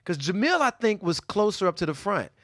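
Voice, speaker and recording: A man's voice: high voice, big pitch swings, fairly quick, fairly bright tone, no room sound, studio quality. A man co-hosting a podcast, telling a story in loose slang and acting out other people's lines. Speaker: podcast co-host. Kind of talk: casual storytelling chat.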